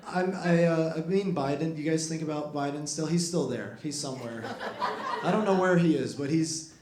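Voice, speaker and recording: Young stand-up comic, self-deprecating, rambling with fillers, slightly high voice; roomy club with laughing crowd. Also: male voice, normal speed, noisy background. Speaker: stand-up comedian. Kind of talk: stand-up comedy set. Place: comedy club.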